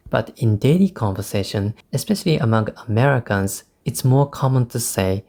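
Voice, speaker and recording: Japanese-accented man teaching English, mellow voice. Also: medium pitch, gravelly. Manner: slow, careful teaching with repeated phrases. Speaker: English test tutor. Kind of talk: spoken-English lesson with sample answers.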